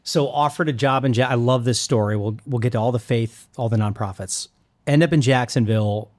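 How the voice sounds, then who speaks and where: A man's voice: medium pitch, fairly quick, no room sound. Jokey, enthusiastic male podcast host. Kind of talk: casual interview chat. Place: on-site in a coffee shop.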